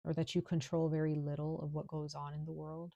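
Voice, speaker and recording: A woman with a low, mellow voice gives a casual tarot reading from home. She talks in a chatty, reassuring way, full of fillers. The sound is dry and close to the mic. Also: level tone, brisk, vocal fry, no room sound, lo-fi sound. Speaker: tarot reader.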